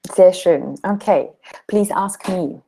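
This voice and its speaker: Woman, teacher, patient, low voice, slow. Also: creaky, warm tone, breathy edge, low-quality recording. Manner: patient, explains slowly, models German sentences. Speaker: German teacher. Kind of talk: online language lesson.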